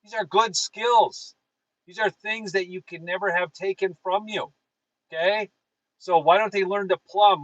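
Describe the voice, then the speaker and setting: A political talk show host broadcasts live from his car, fired up and preachy, addressing his viewers directly and reading their chat. His voice is on the high side and a bit bright, and the lo-fi recording has no echo.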